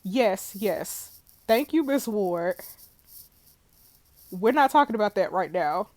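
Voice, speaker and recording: A woman's voice: mid-range voice, animated, darkish tone, no echo. A woman reading the lines of a condescending male police superintendent. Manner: condescending, measured.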